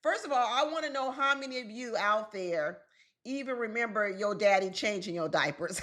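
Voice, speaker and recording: A woman's voice: mid-range voice, animated, moderate pace, a bit bright. Woman relationship commentator, casual vlog delivery, conversational and laughing, addressing the audience directly. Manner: chatty, laughs often, talks straight to viewers.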